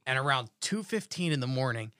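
A man's voice: medium pitch, expressive, fairly quick, pushed and bright, clean tone, dry recording, clean studio sound. A man in his thirties telling rambling comic stories as a podcast host, joking and laughing often. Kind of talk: casual comedic storytelling.

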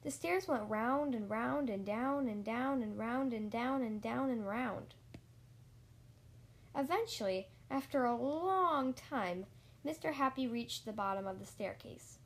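Brief: woman storyteller, slightly high voice, unhurried bedtime-story reading. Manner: slow and deliberate, lingering on repeated phrases. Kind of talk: reading a children's story aloud.

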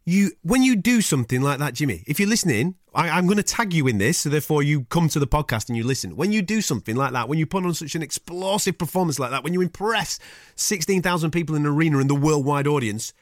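A man co-hosting a sports podcast in a matey, lively way, swearing freely. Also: on the high side, quick pace, dry recording, studio quality. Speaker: podcast co-host. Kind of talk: casual sports chat.

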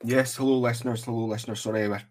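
A man hosting a casual football podcast, chatty and relaxed, with plenty of ums and pauses. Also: mid-range voice, a little hiss or hum. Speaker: podcast host. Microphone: earphones in, podcast mic.

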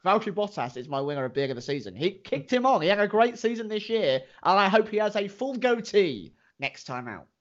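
A man with a high voice co-hosts a casual podcast, playful and rambling, quick to poke fun at himself. The audio is dull and lo-fi. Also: big pitch swings. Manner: playful, rambling, self-deprecating. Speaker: podcast co-host. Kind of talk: casual chat.

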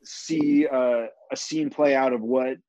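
A man's voice: mid-range voice, fairly even intonation, takes it slowly, mellow, no room sound, muffled recording. A man co-hosting a casual podcast, adding wry, dry remarks. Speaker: podcast co-host. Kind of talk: casual chat.

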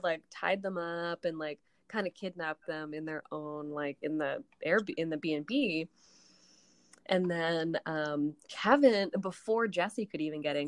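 A woman's voice: deep voice, dry recording. A woman recapping an episode in casual podcast chat, rambling with lots of "like" and frequent swearing.

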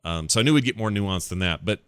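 A man's voice: lowish voice, expressive, quick pace, clear, resonant tone, dry recording. A man hosting a casual gaming podcast, chatting enthusiastically and joking as he rambles through the news. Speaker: podcast host.

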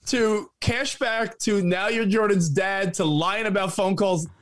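A man's voice: sits high, measured pace, dry recording. A man in casual chat, mocking and teasing the storyteller.

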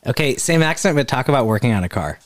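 A woman's voice: very deep voice, animated, fast talker. Woman on a podcast, voice jumps around a lot, keeps laughing and giving prompts. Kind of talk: casual chat.

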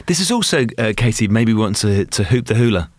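A man's voice: lowish voice, sing-song, brisk, dry recording. A man in his forties co-hosting a podcast in a playful, joking way. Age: 40s. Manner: playful, jokey. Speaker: podcast co-host. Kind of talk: casual podcast chat.

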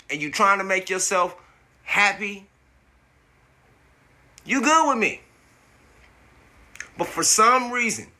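A man's voice: sits high, pushed and bright. A man hosting a podcast, delivering an indignant, profane monologue and stumbling over repeated words when he gets worked up. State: coughing from smoking. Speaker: podcast host. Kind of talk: angry monologue.

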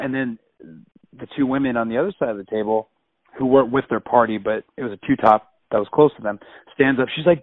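A man's voice: mid-range voice, steady tone, fast, no echo. A man in his thirties animatedly and emphatically retelling a personal story. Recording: dry tinny phone-like sound.

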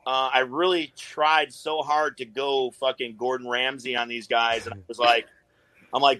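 A man's voice: mid-range voice, flat delivery, moderate pace, bright, forceful tone, no echo, poor audio. A middle-aged man talking casually as a podcast guest, swearing constantly and rambling through his stories in a laid-back way. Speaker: guest, tattoo artist.

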